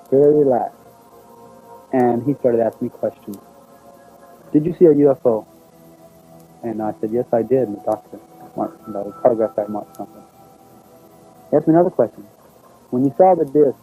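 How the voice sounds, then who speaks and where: Guy telling his story, very dark voice, folksy, quotes people, soft music behind. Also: medium pitch, low-quality recording. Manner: rambling, folksy, quotes others aloud. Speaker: abduction witness. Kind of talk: first-person storytelling.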